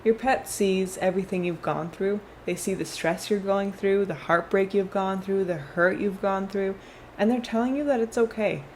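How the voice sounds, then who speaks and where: A woman's voice: mid-range voice, normal speed, a little hiss or hum. A young woman chatting through a casual tarot card reading, rambling with fillers and restarts.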